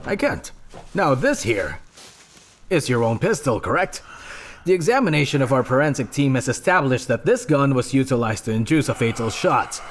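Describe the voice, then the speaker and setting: A man's voice: medium pitch, sing-song, normal speed, slight background noise, natural voice. A man voicing a smug, sarcastic police investigator. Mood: mocking. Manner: sarcastic, condescending questioning.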